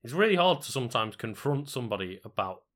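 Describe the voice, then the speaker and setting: A man's voice: mid-range voice, very animated, fast, a bit bright. A man co-hosting a stream in casual chat, rambling with many fillers and some swearing.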